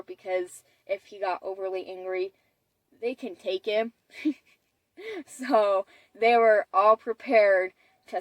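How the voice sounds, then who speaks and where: A woman's voice: mid-range voice, no echo, low-quality recording. A woman of about twenty telling a personal story in a chatty way, with many fillers and restarts. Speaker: vlogger. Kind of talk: casual storytelling.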